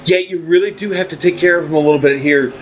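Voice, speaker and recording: A man's voice: fairly high pitch, fast, soft background music. Chatty male racing commentator. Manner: relaxed, chatty, frequent fillers. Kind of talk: race broadcast commentary. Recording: faint background noise.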